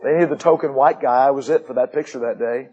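A middle-aged man preaching a sermon with personal stories, folksy, moving between upbeat jokes and hushed intensity. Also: mid-range voice, quick pace, husky, dull audio. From United States. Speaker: missionary pastor.

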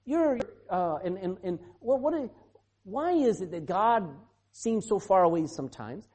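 Lively, questioning preacher mid-sermon. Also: mid-range voice, a little slow. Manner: animated preaching with rhetorical questions to the congregation. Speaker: pastor.

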